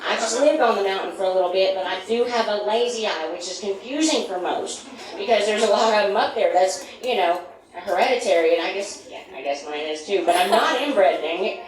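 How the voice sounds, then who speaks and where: A woman's voice: mid-range voice, brisk, a crowd in the background. A middle-aged woman from the United States doing a stand-up comedy set, rambling through self-deprecating asides. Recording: echoey room from far, noisy.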